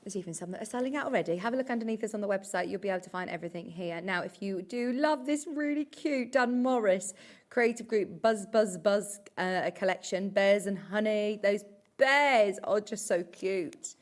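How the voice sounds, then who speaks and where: A woman's voice: mid-range voice, normal speed. A woman presenting live on a shopping channel, chatty and gushing as she talks through products. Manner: gushing, chatty, upbeat sales patter. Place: TV studio.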